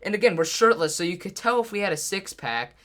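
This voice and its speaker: A man's voice: sits high, sing-song, fast talker, a bit bright. A teenage boy telling a story in a casual, rambling way, full of fillers. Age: teens. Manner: rambling, filler-heavy retelling. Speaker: YouTuber.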